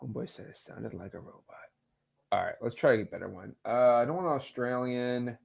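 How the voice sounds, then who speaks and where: A man hosting a live stream, talking casually and excitedly to his chat and joking with the viewers. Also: mid-range voice, fairly quick, creaky, breathy edge. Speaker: host of a live stream on real estate cold calling.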